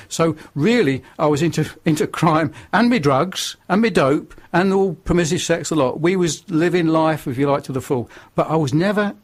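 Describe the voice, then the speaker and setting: Older man with a Northern English accent, slightly high voice, blunt and preachy, telling his story as a radio guest. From northern England. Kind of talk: radio interview testimony.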